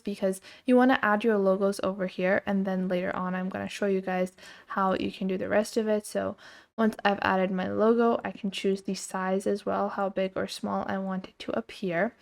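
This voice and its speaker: A woman talks through a software tutorial one step at a time, in a relaxed voice full of filler words. Her voice sits at a middling pitch with a gravelly, creaky edge. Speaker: tutorial host. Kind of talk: screen-recorded software tutorial.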